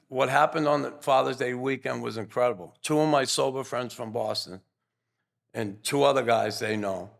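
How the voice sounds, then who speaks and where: Older male guest, gravelly voice, earnest, rambling anecdotes with restarts. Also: mid-range voice, fairly bright tone. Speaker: guest, former pro hockey player. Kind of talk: casual interview storytelling.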